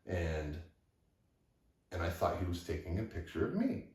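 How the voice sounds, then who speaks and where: A man telling a personal story to the camera in a candid, halting way with frequent restarts. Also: deep voice, wildly swooping pitch, a little mellow. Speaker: vlogger. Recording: echoey room, far from mic.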